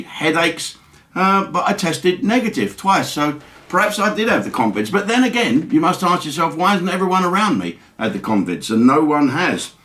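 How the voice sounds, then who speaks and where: A man's voice: mid-range voice, fairly bright tone. A man from England, a comedian hosting his own show in a casual, rambling, mocking monologue. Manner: chatty, mocking, rambling asides. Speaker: comedian host.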